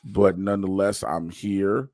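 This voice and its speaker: A man's voice: a little slow, no room sound, clean studio sound. A male podcast host in casual comedic chat, joking loosely and sore from a wrestling show. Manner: animated joking, jumps to high mocking voices.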